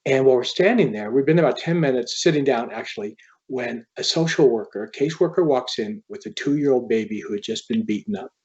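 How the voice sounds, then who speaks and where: An author telling a personal story as a podcast guest, in an earnest, halting way. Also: male voice, medium pitch, animated, darkish tone, dull audio. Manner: earnest, halting, quoting others as he tells a story.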